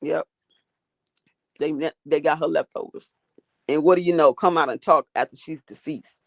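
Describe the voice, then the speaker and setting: This time her voice is low-pitched and gravelly, with a steady tone, normal speed and no echo. She's hosting a livestream from her phone, casually ranting at the chat with profanity, attitude and a combative edge.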